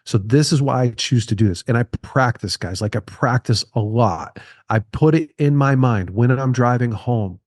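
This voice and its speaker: A man's voice: mid-range voice, moderate pace, a little mellow, no echo. Earnest man talking, dry close sound. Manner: earnest, repeats phrases for emphasis. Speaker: podcast guest. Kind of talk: conversational podcast interview.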